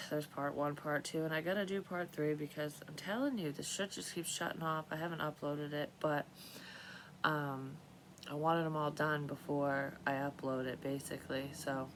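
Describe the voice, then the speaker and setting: A woman's voice: low voice, slight background noise, low-quality recording. A woman who is losing her voice, casually rambling in a vlog as a tarot reader, often cutting herself off. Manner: rambling, profane, self-interrupting. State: losing her voice, clearing throat and coughing.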